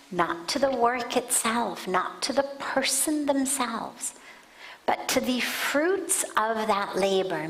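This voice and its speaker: A woman spiritual teacher giving a deliberate discourse in a satsang hall, often dropping to soft near-whispers. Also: medium pitch. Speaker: spiritual teacher answering questions.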